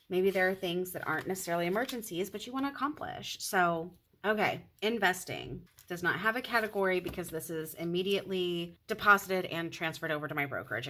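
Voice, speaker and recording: Chatty thirties woman, lowish voice, counting cash aloud for viewers, excitable. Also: a little hiss or hum. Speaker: budgeting vlogger. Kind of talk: casual chat while counting cash.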